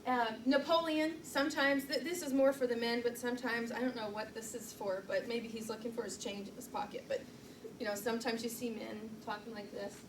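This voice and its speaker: Chatty and self-deprecating, a middle-aged public speaking trainer leads a live training with a slightly high voice, a steady tone and a somewhat quick pace. The far camera mic catches her from the back of the meeting room, giving a roomy, distant recording with noise underneath.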